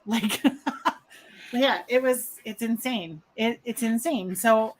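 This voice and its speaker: A woman with a fairly high voice chats casually as a co-host. She tells her story with animation and acts out what people said. The talk is loose and conversational. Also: slow. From Catskills, New York. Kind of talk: casual chat.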